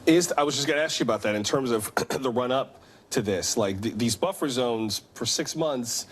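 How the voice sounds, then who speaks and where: Guy anchoring tv news, steady clear read, then asks the guest questions. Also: mid-range voice. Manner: clear, measured newsreader delivery. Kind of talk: scripted news reading and interviewing.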